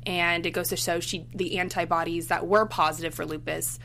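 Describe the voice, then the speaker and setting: A woman co-hosting a podcast, chatting casually and thinking out loud with frequent restarts. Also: fairly low pitch, steady tone, fairly quick, creaky, a little hiss or hum. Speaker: podcast co-host. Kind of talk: casual chat about a reality show.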